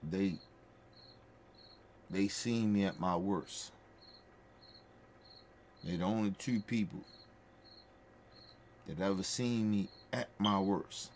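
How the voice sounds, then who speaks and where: A man with a lowish voice tells stories in a loose podcast chat, hammering each point home through repetition. His delivery is blunt, profane and heartfelt, and a faint hiss sits under the speech. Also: slow, pauses often, darkish tone. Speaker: podcast host. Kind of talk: casual storytelling chat.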